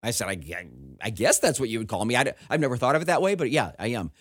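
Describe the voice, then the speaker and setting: Rapid-fire and medium-pitched, a middle-aged pastor animatedly tells a personal story in casual talk, acting out the other people's voices. The recording is clean studio sound without echo.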